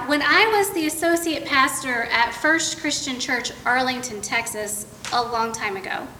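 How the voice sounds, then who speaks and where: A woman's voice: sits high, pushed and bright, reverberant, a little hiss or hum, poor audio. A woman pastor preaching a sermon, telling a Bible story in a conversational, storytelling way.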